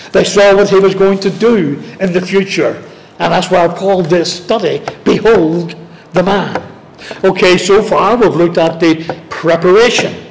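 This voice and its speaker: A man teaching a Bible study in sermon style. He reads scripture slowly and deliberately, stressing words one at a time. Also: high-pitched. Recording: long reverb of a large hall.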